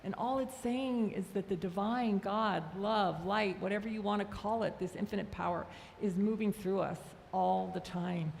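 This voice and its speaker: A woman minister addresses her congregation conversationally at a Sunday service, laughing easily as she talks. Her medium-pitched voice is creaky and darkish, at a normal pace with few pauses, and the church sanctuary recording is reverberant, with faint crowd and noise.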